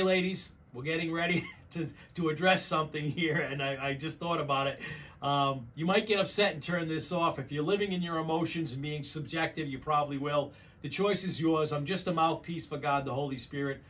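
A man's voice: a little high, fairly bright tone. A man preaching a sermon as pastor, emphatic and repeating his key phrases, often calling his listeners folks.

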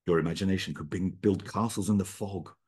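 A jealous, scornful manservant from a read-aloud story, played by a man. His remarks come out dry and dismissive in a very deep voice. The tone is husky and low. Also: a little fast, a little mellow.

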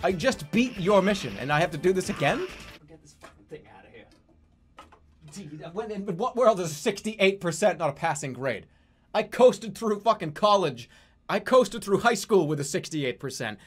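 Streamer man, high and very animated, excitable and foul-mouthed, faint music under him. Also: moderate pace, breathy edge. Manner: excitable, swearing, laughing often. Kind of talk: live gaming commentary.

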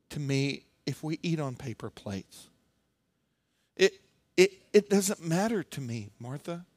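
A soft-spoken, tender man, acted by a preacher, reassures an anxious friend. His delivery is slow and hushed, and the recording is dry and close. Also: on the high side, dry recording. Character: gentle, calm man comforting a worried friend.

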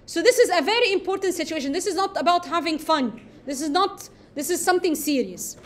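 Woman, poetry lesson, high voice, explains step by step, repeats phrases, many fillers. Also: animated, a little fast. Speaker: teacher.

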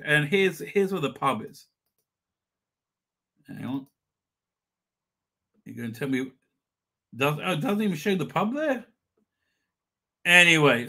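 Middle-aged male host, casual rambling stream chat, slightly high, sharp bright tone. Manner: rambling, swears, chuckles often. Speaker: livestream host. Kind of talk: casual live chat reading comments.

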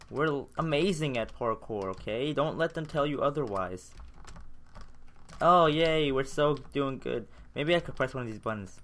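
A young man with a sore throat talks through his gameplay in a bright, forward voice. He rants and swears as jump after jump goes wrong. His commentary stays loose and casual, with a middling pitch. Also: lively intonation, normal speed. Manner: frustrated, ranting, swearing at failed jumps. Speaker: gaming channel host.

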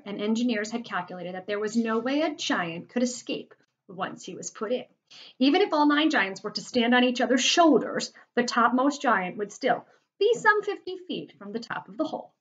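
A woman's voice: fairly high pitch, a bit bright, highs cut off. Woman teacher reading a story aloud. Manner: chatty asides, explains words. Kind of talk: reading a children's novel aloud.

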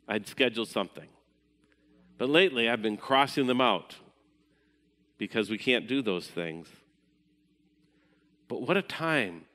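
A man preaching at a measured pace, his voice falling to a near-hush for quiet passages. It is a mid-pitched voice. A long reverb tail from the hall follows each phrase. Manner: measured, dropping to a hushed voice at times. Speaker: pastor. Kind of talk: sermon.

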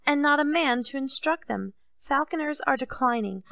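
Reading an audiobook, a woman takes on the full character voice of a petulant, self-pitying grown king who complains and grows indignant, pitching him above her narration. Her voice sits high and is animated, creaky, and a bit bright, moving at a moderate pace. The recording has no room sound.

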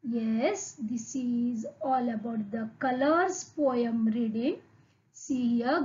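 A primary school English teacher with an Indian English accent teaches young children online, her rather high voice animated yet extremely slow, with long pauses. The tone is a little mellow and the audio dull. She repeats words one at a time and keeps putting questions to the class.

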